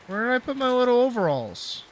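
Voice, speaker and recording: A man's voice: extremely high pitch, sing-song, brisk, slight background noise. A man chatting casually while streaming a game, playful and rambling, swearing now and then. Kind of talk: casual gaming livestream chat.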